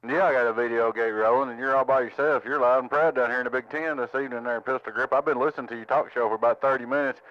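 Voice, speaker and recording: Fast-talking man on CB radio. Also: mid-range voice, steady tone, no echo, dull audio. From Tennessee, US. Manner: friendly, repeats call signs and greetings in a drawl. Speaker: CB radio operator recording the channel. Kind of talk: casual CB radio chatter. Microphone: handheld radio microphone at home.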